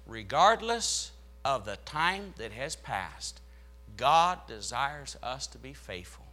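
A male pastor preaching a sermon, reading scripture aloud and swelling dramatically in loudness as he drives his points home. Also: medium pitch, very animated, takes it slowly.

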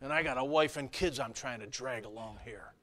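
Animated, bright-voiced male preacher. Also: medium pitch, fairly quick. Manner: animated storytelling, acting out characters, swinging from quiet to loud. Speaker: pastor. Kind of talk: sermon.

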